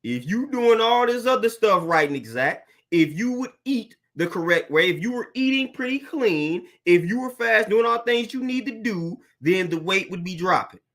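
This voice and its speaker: A man's voice: high voice, animated, normal speed, hardly any pauses, a bit bright. A young adult man, a fitness trainer, ranting bluntly and preachily to camera, repeating himself and using slang. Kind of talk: blunt motivational rant to camera.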